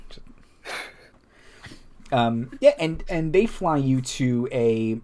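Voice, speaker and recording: Speaking at a slow, unhurried pace in a middle pitch, a man acts as game master for a tabletop session, describing the scene. His tone is animated and dark, but his delivery halts, full of fillers, restarts, and self-corrections.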